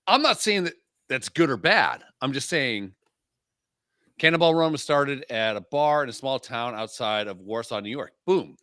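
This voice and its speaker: A man's voice: mid-range voice, lively intonation, sharp tone, dry recording, clean studio sound. A man co-hosting a podcast, cracking provocative, profane jokes in casual banter. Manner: provocative, profane, joking, fast-shifting emphasis. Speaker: podcast co-host. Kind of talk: crude joking podcast banter.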